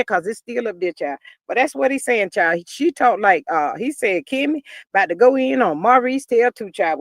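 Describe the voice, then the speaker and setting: A woman's voice: a little high, dry recording. Chatty gossiping woman host, dry close sound. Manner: chatty, drawling, peppers talk with "child". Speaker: livestream host reading chat. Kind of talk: casual gossip livestream. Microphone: livestream computer mic.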